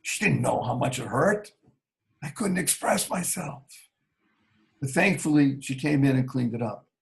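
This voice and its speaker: Slow, earnest storytelling man. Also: mid-range voice, expressive, vocal fry, rough recording. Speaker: guest. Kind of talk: personal storytelling in interview.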